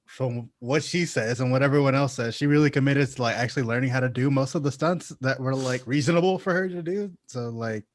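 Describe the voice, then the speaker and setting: A man's voice: mid-range voice, brisk, few pauses, no echo, clean studio sound. A man co-hosting a podcast in casual chat, laid-back, laughing and swearing a lot. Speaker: podcast co-host.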